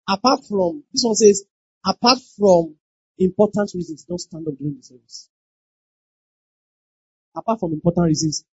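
A pastor preaching a sermon, emphatic, repeating lines and breaking into shouted exclamations. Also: mid-range voice, dry recording. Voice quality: very husky. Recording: dull lo-fi dry recording.

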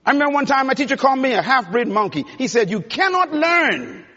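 A man gives an emphatic, preacherly motivational speech in a large conference hall, speaking straight to the audience. His voice is strikingly high. The sound is dull and rings in a long hall reverb. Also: expressive, very fast, pushed and bright.

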